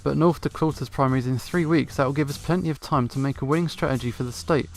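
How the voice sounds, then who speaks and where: Male reader as upbeat cat campaign manager, chipper, mid pitch, game read. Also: fast, faint music behind, lightly acted. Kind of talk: visual novel voice-over reading.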